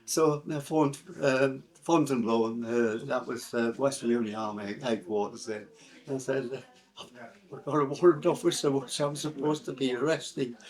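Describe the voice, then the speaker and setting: Here an older man from England, speaking in Sunderland English, recounts his life during an interview. He talks at an ordinary pace with a medium-pitched, somewhat dark voice and fairly even intonation, and his delivery is hesitant, full of fillers and false starts.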